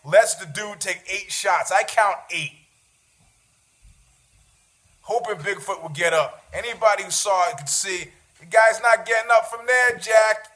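A man's voice: sits high, unhurried, sharp tone. A man, hosting a show, rambling about fights with sarcasm and freely dropping swear words. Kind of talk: casual chat about fights.

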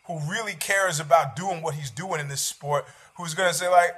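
A man's voice: fairly high pitch, expressive, moderate pace, few pauses, fairly bright tone. A man, hosting a show, rambling about fights with sarcasm and freely dropping swear words. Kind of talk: casual chat about fights.

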